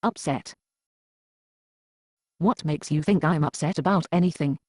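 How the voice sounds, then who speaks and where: A woman's voice: sits low, a little slow, darkish tone, dry recording, clean studio sound. A woman acting as an upset single woman who answers defensively and evasively in an amateur Bible drama.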